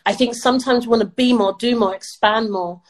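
A middle-aged woman from the UK speaks as a podcast guest, upbeat and emphatic. Her voice sits a little high, and she laughs easily as she talks. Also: brisk, rough recording. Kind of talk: motivational interview talk.

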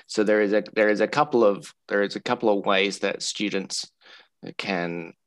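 Man, very low voice, dry close sound, teacher explaining, restarts and repeats words. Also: moderate pace, fairly bright tone, dry recording. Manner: repeats words while finding his phrasing. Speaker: English teacher, co-host. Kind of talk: casual explanatory chat.

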